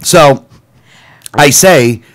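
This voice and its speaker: A man co-hosting a radio talk show, telling a story in a casual, animated way, acting out both sides of a phone call. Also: on the high side, extremely slow. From Florida. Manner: animated, retelling phone calls with quoted dialogue and self-corrections.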